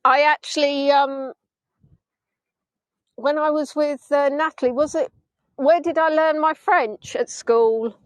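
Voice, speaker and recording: A woman with a bright, high voice talks through a live virtual tour from a beach at sunset, filming on a phone on a gimbal. She rambles cheerfully and mocks herself with playful asides. The sound is dry and close, with no room echo. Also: steady tone, takes it slowly, pauses often. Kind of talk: chatty live tour commentary.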